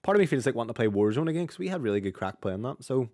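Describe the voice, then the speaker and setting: A Northern Irish co-host on a gaming podcast banters in a quick, chatty, sweary way. His medium-pitched voice swings widely in pitch and is a little mellow, captured in studio quality with no echo.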